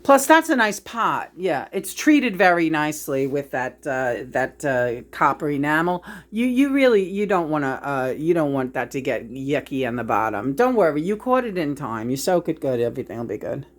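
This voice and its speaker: A woman's voice: low-pitched, big pitch swings, moderate pace, hardly any pauses, pitched below the performer's own voice. Older female ghost, fussy and soothing mother-in-law, put on by a woman. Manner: soothing, fussy kitchen advice.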